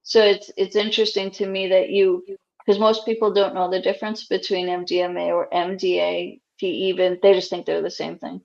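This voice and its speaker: A woman's voice: on the low side, flat delivery, fairly quick, vocal fry. A woman hosting a casual conversation, speaking frankly and opinionatedly, on a dull lo-fi recording. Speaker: host.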